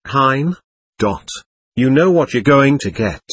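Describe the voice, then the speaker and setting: A man voicing a gruff male German army sergeant who barks curt orders, in a husky, dry recording. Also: mid-range voice, animated, slow, fairly bright tone, heavily acted.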